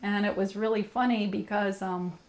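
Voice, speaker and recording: A woman's voice: medium pitch, fairly even intonation, moderate pace, darkish tone. Earnest woman telling a personal story. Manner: earnest, rambling, with many fillers and restarts. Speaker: interview guest.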